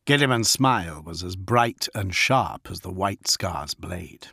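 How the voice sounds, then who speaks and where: A man reading an audiobook as narrator, measured and quiet. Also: sits low, animated, vocal fry, dry recording, studio quality. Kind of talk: scripted narration.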